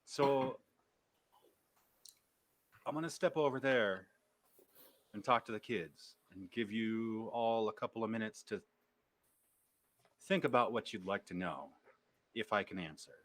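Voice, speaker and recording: A man's voice: lowish voice, unhurried, pauses often, fairly bright tone. A man acting as game master, narrating in character and playfully stumbling over his words.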